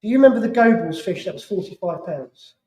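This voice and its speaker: A man's voice: high voice, expressive, quick pace, a little mellow. A middle-aged English man giving a live talk to an audience, telling fishing stories in a chatty way. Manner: chatty storyteller, acts out other people's lines. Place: club hall. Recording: roomy hall echo.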